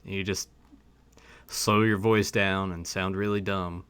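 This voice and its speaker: A man from the American South with a mild Southern accent, hosting a casual livestream chat in a relaxed, halting way. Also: low voice, smooth, dry recording.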